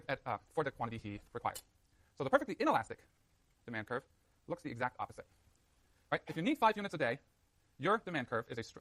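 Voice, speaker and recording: Fast, animated male economics lecturer. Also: a little high, dry recording. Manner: energetic, joking with students. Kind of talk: university lecture. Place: lecture hall.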